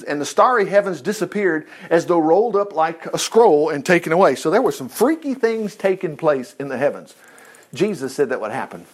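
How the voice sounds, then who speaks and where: An older male preacher with a notably high voice works through Bible passages, breaking off between verses with folksy jokes and chatty asides. He sounds like he is talking with the congregation rather than lecturing them. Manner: folksy, joking, conversational. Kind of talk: sermon with Bible reading.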